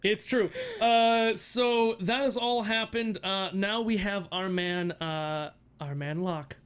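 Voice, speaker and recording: A man with a fairly high voice runs a tabletop game as game master. He narrates in a halting way, full of fillers and restarts, and breaks into laughter often. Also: fairly even intonation, a bit bright, clear, resonant tone.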